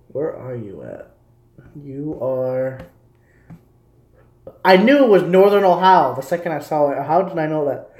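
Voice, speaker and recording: A young man rambles to his live viewers, repeating himself and chatting loosely. His voice sits a little high, and the recording has a roomy echo. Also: a little mellow. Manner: rambling, repetitive, talking to viewers. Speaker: streamer. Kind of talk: casual live commentary.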